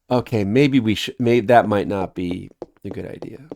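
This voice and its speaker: A man's voice: on the low side, vocal fry, darkish tone. A man streaming a video game who rambles in a goofy, joking way and talks to his chat. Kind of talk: casual game-stream chatter.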